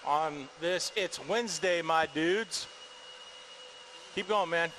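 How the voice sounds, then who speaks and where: A man's voice: on the high side, slow, bright, forceful tone, a little hiss or hum. A man announcing radio-controlled car races at an outdoor track, calling the action in a casual, joking play-by-play and directing marshals. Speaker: race announcer. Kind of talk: live RC race commentary.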